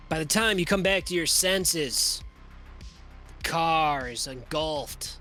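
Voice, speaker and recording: A man's voice: fairly high pitch, takes it slowly, sharp tone, soft background music. A man running a tabletop game as game master, narrating the action in a casual, profane, vivid way full of "like" and "you know". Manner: lots of fillers, like and you know.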